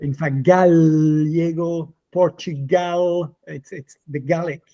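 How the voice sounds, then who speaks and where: A man's voice: a little high, a little slow, warm tone, muffled recording. A man presenting his book to teachers in an online talk, speaking with passion and enthusiasm.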